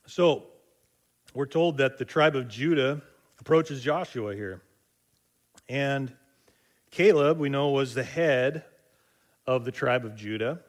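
A male Bible teacher who explains scripture in a relaxed, chatty way. He retells the stories in his own words, with loose asides and the occasional filler. His voice sits at an ordinary, mid-range pitch. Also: slow pace, pauses often. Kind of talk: casual Bible study teaching.

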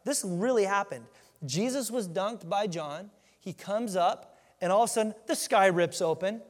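A pastor preaching a sermon, emphatic and animated, often restarting his sentences. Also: high voice, moderate pace. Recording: long reverb in a large hall.

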